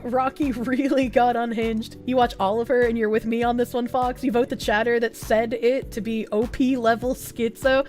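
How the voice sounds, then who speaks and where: A woman's voice: fairly high pitch, steady tone, normal speed, hardly any pauses, a little mellow, soft background music. A woman streamer chatting casually and reading chat messages, with crude, laughing, incredulous reactions.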